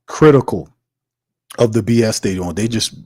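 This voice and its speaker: A man's voice: fairly low pitch, fairly even intonation, quick pace, darkish tone, no room sound, studio quality. A man hosting a sports talk livestream, ranting with exasperation, laughing often and tossing in "man" and "fam". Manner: laughs often, talks back to the chat. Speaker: sports talk show host.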